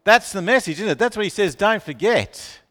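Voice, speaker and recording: Lively preacher man in a hall. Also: high voice, moderate pace. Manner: animated, asks the room questions, calls on listeners by name. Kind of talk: sermon to a congregation. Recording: long reverb of a hall.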